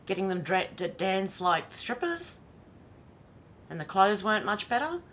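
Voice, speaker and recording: Australian woman, livestream host, chatty commentary, medium pitch, faint rumble behind. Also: sing-song, unhurried, a bit bright. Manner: chatty, reads comments aloud and reacts with laughs.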